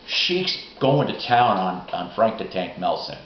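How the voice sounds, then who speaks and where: Low-voiced man rambling through old stories. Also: measured pace, slight background noise. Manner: rambling, profane, excitable storytelling. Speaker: vlogger. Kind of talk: casual storytelling monologue. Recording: roomy, dull lo-fi recording.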